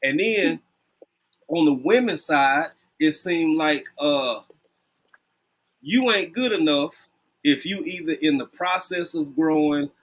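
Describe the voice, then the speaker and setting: Fifties guy, kinda high voice, blunt, swears freely, on a video call stream. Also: slow pace, pauses often, fairly bright tone. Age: 50s. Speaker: livestream guest. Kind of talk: candid conversation. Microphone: video call mic.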